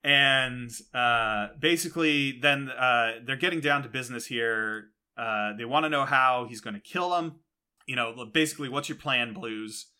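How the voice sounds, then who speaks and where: A podcast host, a man, retells an episode scene by scene. He rambles, stops and restarts often, and his voice is very bright and forceful at a middle pitch. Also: normal speed, clear, resonant tone. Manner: rambling, many fillers and restarts, laughs while retelling. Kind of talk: casual show recap.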